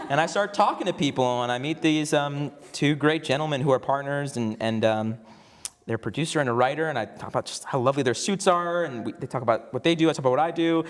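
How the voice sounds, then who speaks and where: Speaking quickly in a fairly high voice, a twenty-something actor returning as an alumnus entertains a campus audience with a casual story. He rambles with lots of fillers, false starts and laughs, and the big event room adds long reverb.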